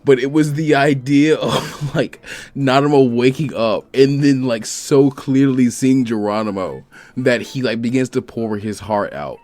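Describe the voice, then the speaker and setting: A man's voice: medium pitch, unhurried, a little mellow, dry recording. A man running a tabletop game over an online voice call, who keeps breaking into giggly laughter. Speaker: game master. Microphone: desk mic on an online voice call.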